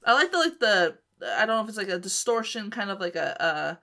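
Female reaction host, energetic and expressive, bright voice, wide pitch swings. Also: brisk. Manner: excitable, exclaims and laughs often, rambling. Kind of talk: casual reaction commentary.

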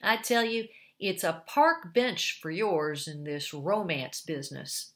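A woman's voice: lowish voice, animated, takes it slowly. A woman voicing a pessimistic male ex-boxer turned tramp, talking blunt street slang. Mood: gloomy.

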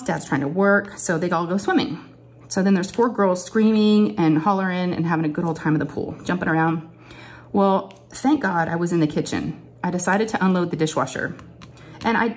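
A middle-aged woman with a slightly low voice, talking in a chatty, animated way. She tells a long story full of asides, like a crafting vlogger speaking to her viewers from her craft room at home. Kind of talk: casual storytelling chat.

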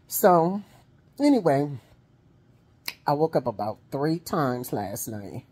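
A middle-aged woman tells a casual vlog story in an unhurried, low voice. Her tone is husky and breathy, and a wheeze and a cough come through her speech. She talks chattily and keeps calling her viewers honey and y'all. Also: sing-song, warm tone. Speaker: vlogger.

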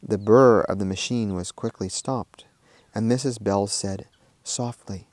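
Male minister, storybook read-aloud, measured, lowish voice, dry room. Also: a little mellow, no echo. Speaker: minister reading a lesson story.

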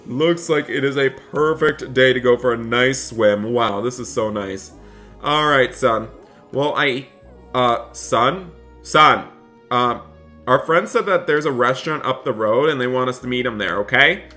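A young man hosting a gaming roleplay as a father, excitable and talking straight to viewers, given to repeated exclamations. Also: mid-range voice, measured pace, soft background music. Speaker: gaming channel host playing a father. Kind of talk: casual roleplay gameplay commentary.

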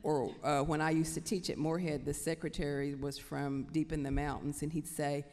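A woman with a Kentucky accent, moderating a writers' panel and talking in a relaxed, conversational way with quick asides. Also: deep voice. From Casey County, Kentucky. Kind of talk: panel discussion. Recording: reverberant lecture hall.

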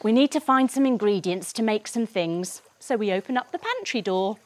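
A woman's voice: medium pitch, animated, normal speed, no room sound. A woman leading a children's yoga lesson as a story. She talks in a bubbly, encouraging, sing-song way. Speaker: kids' yoga teacher and storyteller.

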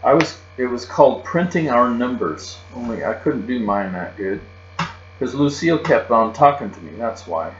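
A man reading a children's chapter book aloud, expressive and lively in a child's first-person voice. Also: mid-range voice, moderate pace, faint music behind. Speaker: reader. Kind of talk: storybook read-aloud. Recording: muffled, roomy recording with mains hum.

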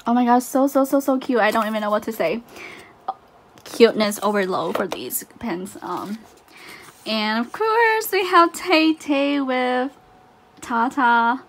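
A woman vlogger chatting casually through an unboxing, gushing and excitable with frequent laughs. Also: on the high side, slight background noise.

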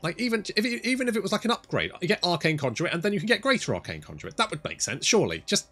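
A man giving casual, excitable, sweary commentary over his strategy game. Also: high-pitched, very fast, husky, soft background music. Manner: excitable, sweary, talks to units. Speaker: gaming channel host.

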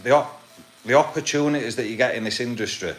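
A man's voice: mid-range voice, fast talker, soft background music. A man, a tattoo artist hosting his video, chatting casually and greeting viewers. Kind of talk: casual chat.

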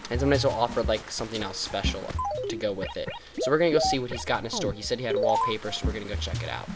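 A man's voice: on the low side, very fast, low-quality recording. A man doing casual let's-play commentary as a gaming vlogger, chatty and rambling, with playful sarcasm. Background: loud game music.

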